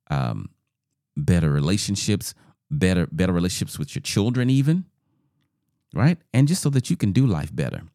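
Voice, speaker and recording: Low-voiced, animated man giving a chatty, informal sermon. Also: dry recording, clean studio sound. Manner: conversational, repeats words, asks "right?" often. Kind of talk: casual devotional sermon.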